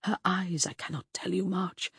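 A soft-spoken, courteous former army officer, voiced by a woman narrator, formal and a little sad in his audiobook scenes. The husky voice sits close on a dry mic. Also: high-pitched, fairly even intonation, moderate pace, dry recording, full character voice. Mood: gentle. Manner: formal and gentle.

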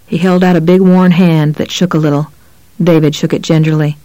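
A narrator reads a novel in an even, measured voice at a middle pitch. The recording is close and dry, with no room sound. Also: no echo, low-quality recording. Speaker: audiobook narrator. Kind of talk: scripted narration of a horror novel.

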